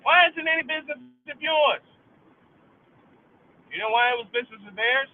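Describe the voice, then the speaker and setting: Venting on his livestream, a middle-aged male host launches into a furious, expletive-laden monologue, saying lines over again to drive them home. His voice is very high and moves at a normal speed. There's a slight hiss or hum, and the sound is thin and phone-like.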